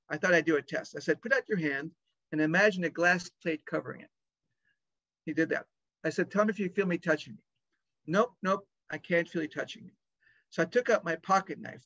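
Fifty-something male doctor, animated storyteller, muffled lo-fi sound. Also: on the high side, dry recording. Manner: animated storyteller acting out dialogue. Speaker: pediatric lung doctor. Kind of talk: storytelling talk. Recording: dry, dull lo-fi sound.

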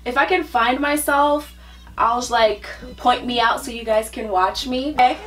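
A woman's voice: fairly high pitch, moderate pace. A young woman in her twenties, vlogging casually and getting hyped as she reacts. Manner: excitable, hyped, slangy. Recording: distant voice over loud music and crowd.

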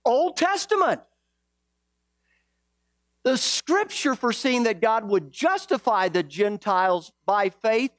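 A male pastor preaching a sermon, animated and teasing, full of rhetorical questions. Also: very high-pitched, takes it slowly, long pauses, no room sound, studio quality.

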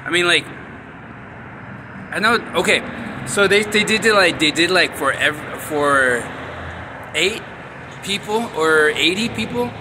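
A man's voice: high-pitched, animated. A man chatting casually into his phone for a vlog, rambling and restarting his sentences often. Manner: rambling, halting with many restarts. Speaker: vlogger. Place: outdoors at an urban bus stop. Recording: street traffic noise. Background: traffic noise.

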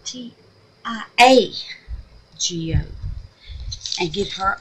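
A woman's voice: mid-range voice, takes it slowly, vocal fry, pauses often, a bit bright, slight background noise, rough recording. A woman, chatting casually through a home crafting tutorial and calling her viewers babies and honey. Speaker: craft vlogger.

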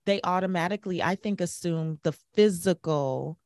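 A middle-aged woman hosting a podcast interview, talking emphatically with quick restarts and asides. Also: fairly low pitch, a little mellow, no echo, studio quality. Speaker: podcast host. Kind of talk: conversational interview.

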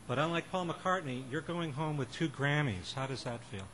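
A man's voice: a little high, moderate pace, fairly bright tone. Male reporter, raised voice, distant mic with faint noise behind.

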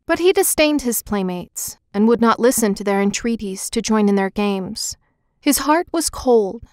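Gentle woman reading a myth aloud. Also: fairly high pitch, no room sound, studio quality. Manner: measured, gentle storytelling. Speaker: audiobook narrator. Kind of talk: scripted storybook narration.

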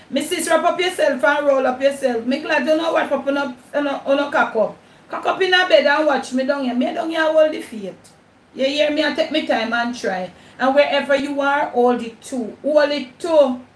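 A woman's voice: sits high, echoey room, distant mic, rough recording. A Jamaican woman hosting her cooking channel live, chatting casually with viewers in a mix of patois and English while she cooks. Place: home kitchen.

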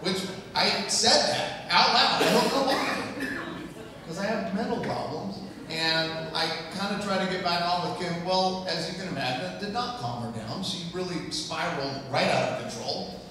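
A middle-aged male guest preacher tells a funny story at his own expense, his voice sitting a bit high for a man. He sounds far from the microphone, and the long reverb of a large sanctuary trails after each phrase. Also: moderate pace, bright, forceful tone. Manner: humorous, self-mocking storytelling. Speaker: guest speaker. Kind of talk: sermon storytelling. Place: church sanctuary. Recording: echoey hall, distant mic.

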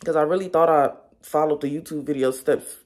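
A woman's voice: low voice, steady tone, a little fast, darkish tone. A young woman, chatting casually to viewers in her vlog from home, talking straight to the camera. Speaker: vlogger. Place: at home, indoors. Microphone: camera on a stand.

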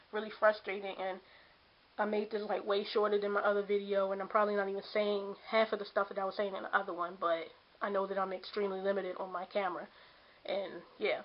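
A woman in her late twenties venting on a vlog, exasperated, repeating herself and mimicking the people who nag her. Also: medium pitch. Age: late 20s. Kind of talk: ranting vlog to camera. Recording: dull lo-fi camera audio.

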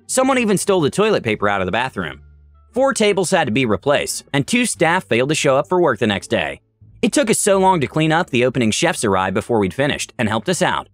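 A man reading online stories aloud as narrator, with a wry, deadpan delivery. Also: medium pitch, fast talker, no room sound, soft background music.

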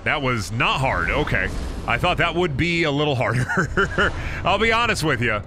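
A man streaming a video game, giving crude, joking, excitable commentary. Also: mid-range voice, fairly quick, background noise. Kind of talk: casual gaming commentary.

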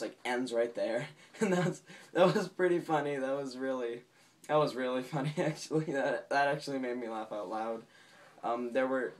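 Man rambling through a cartoon recap. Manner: rambling, with fillers and restarts; laughs often, acts out quotes in a high voice. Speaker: vlogger reviewing a cartoon episode. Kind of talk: casual episode recap. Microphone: home camera mic.

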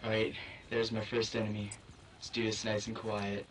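A young man doing a comic inner monologue over gameplay, excitable, swearing and panicky. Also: lowish voice, moderate pace. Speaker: machinima narrator. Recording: distant voice under loud game noise.

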